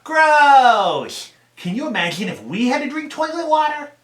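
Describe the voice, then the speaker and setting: A man voicing a young boy with a lateral lisp, speaking in excitable, childish exclamations. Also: extremely high pitch, a little slow, voice pushed up, heavily acted. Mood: excited. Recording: roomy echo.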